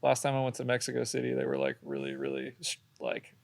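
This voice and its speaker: A man's voice: mid-range voice, very animated, fast talker, gravelly, no room sound. A man hosting a podcast, laid-back and joking in casual chat, swearing casually. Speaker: podcast host.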